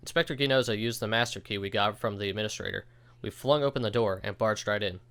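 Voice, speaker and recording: A man's voice: on the low side, fast talker, fairly bright tone, clear, resonant tone. A young man narrating a game's story aloud, reading the text in a casual way and breaking in with joking reactions. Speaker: let's play host.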